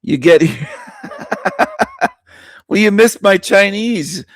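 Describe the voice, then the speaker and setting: A man's voice: high voice, slow, a bit bright, no echo, clean studio sound. A man hosting a radio show, delivering an opinionated monologue with emphatic repetition and frequent chuckles. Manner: emphatic, repeats himself, chuckles between lines.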